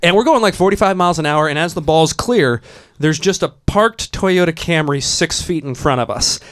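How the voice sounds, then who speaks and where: A man's voice: on the high side, moderate pace. A man telling a wild story in casual chat, swearing freely and laughing as he talks. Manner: profane, animated storyteller who laughs mid-sentence. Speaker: podcast host telling a story.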